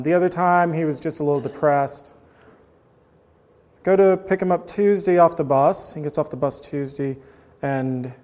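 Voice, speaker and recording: A man in his thirties preaches with a fairly high voice, easing into his sermon through a relaxed, chatty story. His words ring out with a long reverb, as in a church sanctuary. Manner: conversational storytelling, unhurried. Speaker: pastor.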